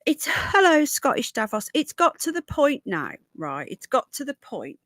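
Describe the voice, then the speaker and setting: A woman's voice: high voice, big pitch swings, normal speed, fairly bright tone, no room sound. A woman hosting a casual livestream, with a sore throat, chatting opinionatedly and reading out viewer comments. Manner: chatty, opinionated, rambling with restarts. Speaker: livestream host.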